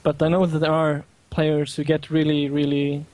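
A man guest on a gaming podcast, talking haltingly with many fillers. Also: a little high, monotone, a little mellow, low-quality recording. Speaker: guest player. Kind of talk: podcast discussion.

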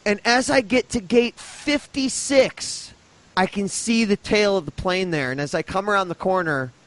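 Animated, swearing man telling a story. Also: on the high side. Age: 30s. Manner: animated, profane, rambling. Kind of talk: casual storytelling.

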